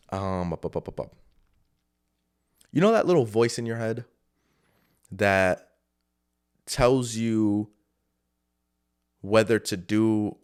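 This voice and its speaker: A man's voice: lowish voice, clear, resonant tone. A man hosting a solo podcast, giving loose, rambling motivational talk full of swearing and fillers. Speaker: podcast host. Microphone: camera setup.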